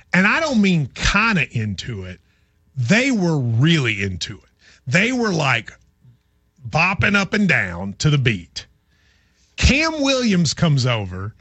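A middle-aged man talks sports on a radio show, his voice sitting high and a little husky. He swings his pitch around as he tells stories, animated and chatty, picked up dry and close in the studio. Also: no room sound. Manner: animated storyteller, lively and chatty. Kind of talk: casual sports talk.

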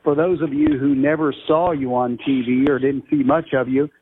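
A man's voice: mid-range voice, fairly even intonation, normal speed. A man interviewing a guest on the radio in a friendly way, laughing easily. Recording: tinny phone-like line with faint noise.

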